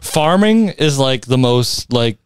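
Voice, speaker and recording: A man's voice: mid-range voice, expressive, takes it slowly, clear, resonant tone, no room sound, clean studio sound. A man hosting a casual interview, joking crudely and laughing often, in a house. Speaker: podcast host. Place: house, indoors.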